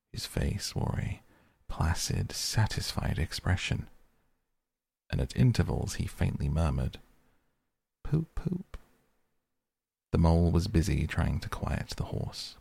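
A man reading a storybook aloud in a slow, measured narration. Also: low voice, gravelly, a little mellow, slightly rough, dry recording. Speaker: audiobook narrator.

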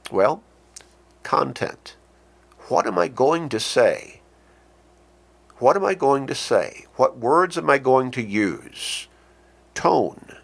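A man teaching a lesson on communication, speaking slowly and deliberately, with pauses and restarts. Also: medium pitch. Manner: acts out short spoken examples. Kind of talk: lecture on communication.

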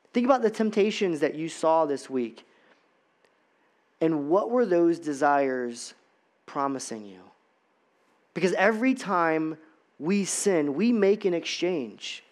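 Pastor, male, high-pitched, casual and repetitive sermon delivery. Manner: conversational, repetitive, rhetorical questions.

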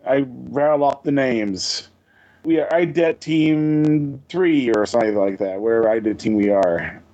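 A man's voice: medium pitch, a little slow, warm tone, dull audio. A man chatting casually as a player at a tabletop game, offhand and joking.

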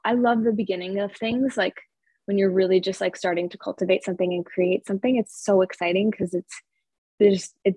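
Husky gravelly woman, earnest and rambling. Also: mid-range voice, a little mellow, dry recording. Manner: earnest, rambling, many fillers. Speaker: guest, founder. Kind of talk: casual interview chat.

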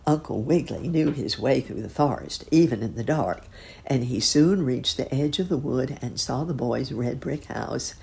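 Casting: a woman narrating a children's story, low and mellow with a lilting delivery. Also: animated, normal speed, creaky.

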